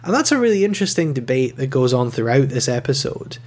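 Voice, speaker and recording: A man's voice: medium pitch, very animated, quick pace, darkish tone, husky. A man hosting an episode review, talking conversationally with frequent fillers and enthusiastic rises. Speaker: podcast host reviewing episodes.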